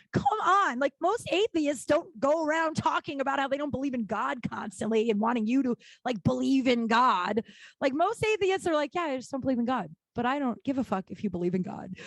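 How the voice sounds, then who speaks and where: A woman in her thirties hosting her own podcast, talking candidly in a rambling, profane way with many restarts and sudden animated outbursts. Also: high-pitched, dry recording. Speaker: podcast host. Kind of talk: casual solo podcast monologue.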